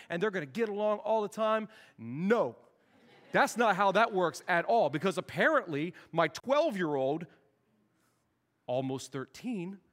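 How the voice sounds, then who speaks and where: A man in his forties preaches with a fairly high voice, and his words ring out with the long reverb of a large hall. He jokes through his sermon like a youth pastor, slipping into little acted-out conversations. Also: a bit bright. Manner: joking, storytelling, acts out dialogue.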